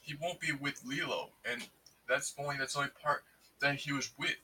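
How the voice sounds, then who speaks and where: A man excitedly recapping a movie in casual, rambling speech full of fillers and restarts. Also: a little high, normal speed, recorded from a distance, a little hiss or hum, low-quality recording. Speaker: movie reviewer.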